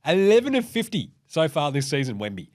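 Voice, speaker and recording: A man's voice: fairly high pitch, wildly swooping pitch, a little fast, darkish tone. A young man hosting a basketball show, rambling and swearing as he acts out players in silly voices. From Australia. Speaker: basketball podcast host. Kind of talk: casual sports commentary.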